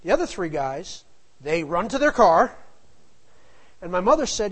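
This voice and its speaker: In a rough recording, a middle-aged man with a high, sing-song voice tells a family story at an unhurried pace, pausing often. As a storyteller he is casual and rambling, wandering off into digressions and frequent asides.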